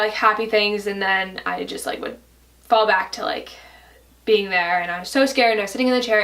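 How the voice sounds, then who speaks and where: A woman's voice: medium pitch, pushed and bright. Young woman vlogging, rambly and chatty, says like a lot, mic a bit far away. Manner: chatty, fillers, many likes. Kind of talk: casual storytelling to camera.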